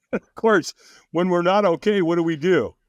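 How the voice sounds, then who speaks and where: A man's voice: high-pitched, moderate pace, no room sound, muffled recording. A man talking as a podcast guest, telling a story with energy, laughing often and acting out what other people said. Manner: animated, acts out quoted voices, laughs often. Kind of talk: storytelling in a conversation.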